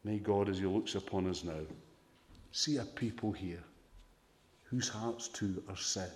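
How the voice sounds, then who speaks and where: A pastor preaching a sermon, earnest, swelling for emphasis and dropping soft. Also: male voice, fairly low pitch, a little slow. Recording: echoey hall reverb.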